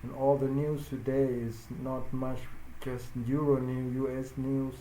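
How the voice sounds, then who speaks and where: Slow, halting man in a roomy space. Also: medium pitch, level tone, mellow. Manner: halting, searching for words, non-native grammar. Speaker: forex trader. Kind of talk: casual live trading chat. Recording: roomy with faint noise.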